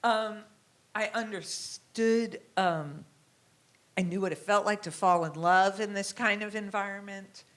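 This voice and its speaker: A woman's voice: medium pitch, a little slow. A middle-aged woman from the United States, a curator being interviewed, talking reflectively and thinking aloud with fillers and restarts. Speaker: curator and writer, guest. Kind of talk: conversational interview talk.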